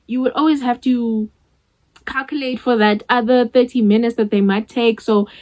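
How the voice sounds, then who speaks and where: A woman's voice: a little high, fairly even intonation, normal speed, darkish tone, poor audio. A young South African woman in her twenties telling a storytime vlog in a chatty way, acting out the dialogue with many "like" fillers. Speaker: vlogger.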